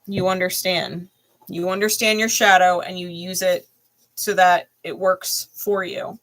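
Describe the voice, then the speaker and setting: A woman's voice: fairly low pitch, level tone, measured pace, a bit bright. A woman hosting a live tarot reading who swears bluntly, laughs often and repeats phrases for emphasis. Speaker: tarot reader and channel host.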